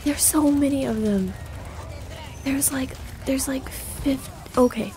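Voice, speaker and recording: A woman's voice: high-pitched, takes it slowly, dark tone. A young woman giving casual let's play commentary in jittery, joking self-talk full of exclamations. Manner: jokey and self-deprecating. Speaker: gamer.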